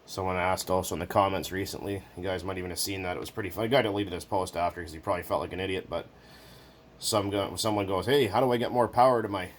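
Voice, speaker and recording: Deep-voiced man rambling at his workbench. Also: steady tone, fast talker. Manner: joking, rambling, swears casually. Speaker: hobbyist video maker. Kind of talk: casual workshop chat.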